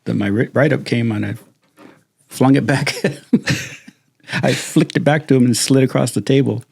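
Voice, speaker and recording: A man's voice: medium pitch, moderate pace, gravelly, a little mellow, breathy edge. A man hosting a casual podcast chat with a former colleague, laid-back and chuckling at the stories.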